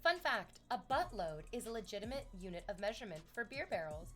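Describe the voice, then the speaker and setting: A chatty woman livestreaming, loose and playful as she reads chat and tells stories. Her voice sits at an ordinary middle pitch, and a faint bed of music hums under her talk. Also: sing-song, fast talker, few pauses. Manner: chatty, playful, swears casually. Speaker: streamer.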